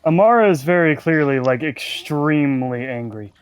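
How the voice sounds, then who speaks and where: A man playing in a tabletop game, casually chatting and breaking in with quick reactions. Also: a little high, animated, no room sound. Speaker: player.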